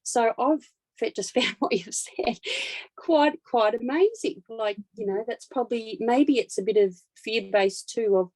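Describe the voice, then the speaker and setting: A woman speaks up in an online workshop, thinking aloud in a hesitant way and restarting her phrases. Her voice is mellow and a little dark. The sound is dry. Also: a little high, unhurried, no room sound, low-quality recording. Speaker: workshop participant. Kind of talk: casual chat.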